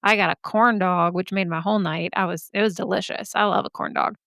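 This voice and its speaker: A woman's voice: mid-range voice, steady tone, a little fast, gravelly, a bit bright, dry recording. Bubbly woman in her thirties, podcast host, chatty, a touch scratchy, dry close mic. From Arizona. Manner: bubbly, chatty, laughs often. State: slightly scratchy throat. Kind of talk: casual chat. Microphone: studio microphone.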